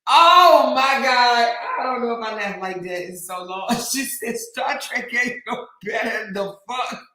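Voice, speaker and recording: Woman on a stream cracking up reading chat, crying laughing, slow talker, super echoey room. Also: on the high side, bright, forceful tone. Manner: laughs hard, keeps breaking off mid-sentence; talks straight to her viewers with lots of slang. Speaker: livestream host reading chat. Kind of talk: casual chat.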